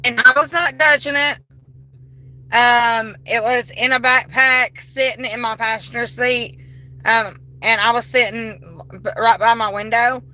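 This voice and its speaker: Bright excited woman in car. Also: on the high side, measured pace, low-quality recording. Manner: polite to spirits, bursts of excited squealing. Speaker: paranormal livestreamer. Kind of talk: livestream ghost investigation. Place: inside a car. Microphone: phone.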